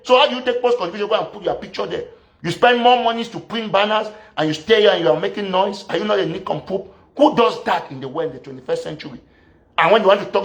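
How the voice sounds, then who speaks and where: A man from Southern Cameroon, ranting as a political activist. He scolds his opponents and fires off one rhetorical question after another. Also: high-pitched. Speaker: activist commentator. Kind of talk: political rant.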